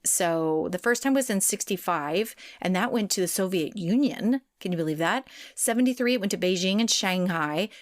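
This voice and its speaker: A woman co-hosting a podcast in casual chat, playful and lively, with quick excited asides. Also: mid-range voice, no room sound, studio quality. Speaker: podcast co-host.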